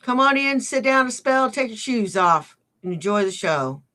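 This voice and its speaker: Bright-voiced woman live-stream host. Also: on the high side, expressive, moderate pace. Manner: chatty, thanks donors and greets viewers by name; blunt, teasing insults. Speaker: livestream host. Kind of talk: casual live-stream chat.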